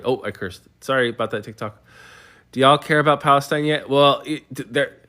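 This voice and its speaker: A man's voice: mid-range voice, normal speed, pushed and bright. A man hosting a livestream, answering viewer comments in a heated, argumentative way with many stumbling restarts. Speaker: livestream host.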